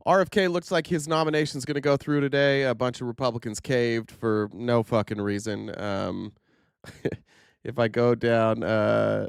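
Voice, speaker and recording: A man hosting a casual political commentary livestream, sarcastic and animated, his voice stuffed up from a sinus infection, jumping higher when he gets indignant. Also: unhurried, vocal fry, smooth, no room sound, clean studio sound. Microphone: livestream camera setup.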